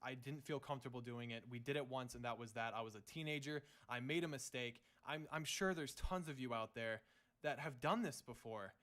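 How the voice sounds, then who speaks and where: A young man making a defensive apology statement, halting with many restarts. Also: medium pitch, a bit bright. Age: young adult.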